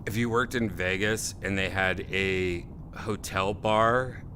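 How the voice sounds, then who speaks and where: A man's voice: sits low, steady tone, slow, pushed and bright, a little hiss or hum. A man hosting a podcast, in loose casual chat with rambling, laughing riffs. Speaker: podcast host.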